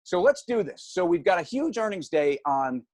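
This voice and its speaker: A man in his fifties hosting a casual show, telling a lively story and acting out the voices of other people. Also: high voice, moderate pace, no room sound. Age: 50s. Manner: animated storyteller, acts out voices. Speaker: show host.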